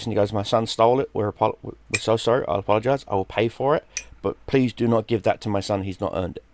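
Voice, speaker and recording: Telling a casual story, a middle-aged streamer from London, England speaks at medium pitch with no room sound. He's animated, swears a lot and slips into the voices of the people he's quoting.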